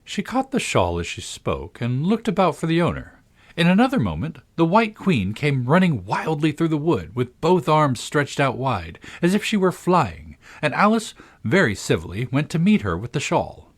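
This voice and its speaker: A man's voice: on the low side, very animated, normal speed. A man narrating a children's classic aloud, reading expressively and dramatically. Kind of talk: storybook narration.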